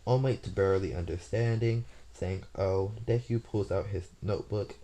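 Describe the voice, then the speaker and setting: A man's voice: on the low side, normal speed, dark tone. A man casually retelling a fan-made story off the cuff, thinking aloud and plotting as he goes.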